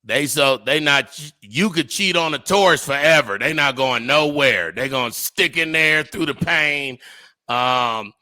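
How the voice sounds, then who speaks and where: A man's voice: mid-range voice, measured pace, pushed and bright. A man co-hosting a podcast, joking and teasing his friends in casual banter. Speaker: podcast co-host. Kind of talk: casual chat.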